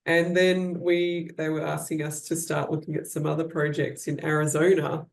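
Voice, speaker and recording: Even-toned woman. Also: deep voice, moderate pace, gravelly. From Australia. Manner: chatty, explanatory, even-toned. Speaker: architecture guest. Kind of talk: casual interview talk.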